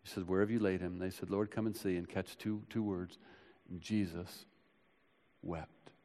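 Pastor in the pulpit: a man delivering an impassioned sermon with loud surges and quiet moments, reverb-heavy church sound. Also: sits low, little pitch movement, brisk. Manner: impassioned preaching, swinging from loud urgent builds to soft hushed passages. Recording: long hall reverb.

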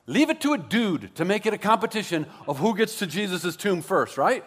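A man's voice: high-pitched, very animated, fairly quick, fairly bright tone. A man preaching a sermon as pastor, conversational and joking, with self-deprecating asides.

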